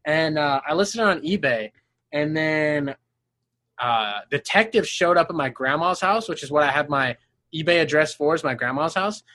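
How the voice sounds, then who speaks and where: A young man with a high voice tells a story in animated, unfiltered chat. He swears freely and laughs in the middle of sentences. When he quotes people, his voice leaps even higher. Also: moderate pace, no room sound. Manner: acts out voices in quoted lines, jumping up high. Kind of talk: casual chat.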